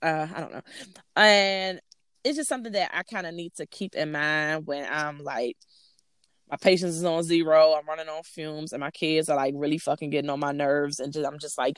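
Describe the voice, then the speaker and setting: Profane, ranting woman with lowish voice. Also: moderate pace, no echo, studio quality. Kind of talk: casual chat.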